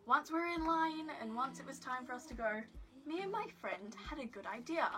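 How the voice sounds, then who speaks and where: A woman's voice: high voice, animated, moderate pace. A woman telling a story to her phone camera in a casual vlog, giggly and rambling with lots of "like" and self-deprecating asides. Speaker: vlogger.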